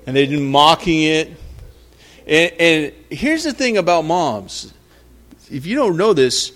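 A man's voice: expressive, slow pace, a bit bright. A man preaching a conversational sermon, reading scripture aloud and acting out the people in the story. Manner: conversational preaching, acts out quotes, rises in pitch when emphatic. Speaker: pastor.

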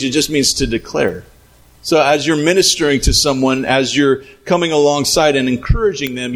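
Animated male pastor preaching. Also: fairly high pitch, poor audio. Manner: animated, acts out little scenes with shouts. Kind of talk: sermon.

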